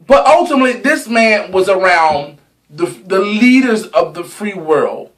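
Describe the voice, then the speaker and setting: A man's voice: sits high, very animated, takes it slowly, a bit bright. A young man in a casual gossip vlog, sassy and dramatic, swearing freely and stretching words for emphasis. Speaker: vlogger.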